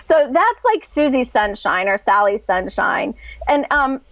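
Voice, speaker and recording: A woman's voice: fairly high pitch, big pitch swings, unhurried, fairly bright tone, no echo. A woman guest in an interview, talking in a chatty, enthusiastic way and acting out little quotes as she explains. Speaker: guest expert. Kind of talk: animated interview talk.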